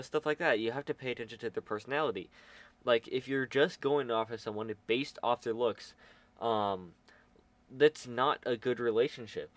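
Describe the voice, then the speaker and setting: A teenage boy chatting casually, telling a school story in a rambling way with many fillers. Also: medium pitch. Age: teens. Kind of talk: casual chat.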